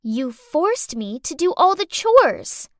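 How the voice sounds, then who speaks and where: A woman voicing a manipulative little girl in an animated story, whiny one moment and coldly threatening the next. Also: high-pitched, slow pace, dry recording, studio quality, full character voice. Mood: scheming.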